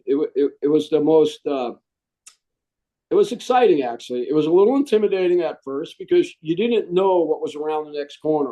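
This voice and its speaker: A man from the United States, a Marine veteran, telling his story in a casual interview, animated, loose, dropping "man" into his sentences and restarting often. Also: a little high, poor audio.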